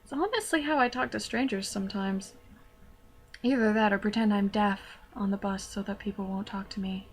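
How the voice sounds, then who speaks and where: Chatty woman vlogging. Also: medium pitch. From Canada. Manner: chatty, self-deprecating, quick asides. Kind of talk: casual storytelling to camera.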